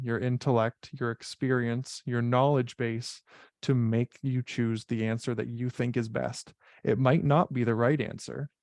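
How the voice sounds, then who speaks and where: A man's voice: mid-range voice, a little mellow, no echo, clean studio sound. A man teaching paramedic exam strategies in an online info session, speaking in a direct, coaching way and often checking in with "right?".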